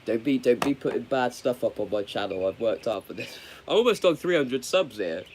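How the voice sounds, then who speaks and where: A man's voice: medium pitch, animated, darkish tone, slight background noise. Rambling man live streaming. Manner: rambling, candid, halting. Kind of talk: casual live stream chat.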